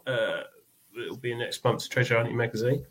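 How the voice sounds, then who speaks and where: A man's voice: mid-range voice, fairly quick, fairly bright tone. Casting note: English male co-host, chatty and rambling, congested voice. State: bunged up after illness. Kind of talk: casual podcast chat.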